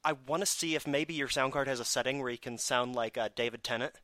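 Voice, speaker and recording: A man's voice: medium pitch, quick pace, sharp tone, no echo. A man hosting a casual podcast chat, snarky and self-mocking as he talks. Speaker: podcast host.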